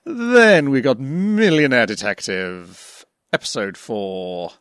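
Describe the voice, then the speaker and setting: A man's voice: mid-range voice, expressive, takes it slowly, fairly bright tone, clean tone, no echo. A man summarizing an anime episode in casual chat, with frequent ums and restarts. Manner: summarizes plot with hesitant ums. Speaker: podcast host.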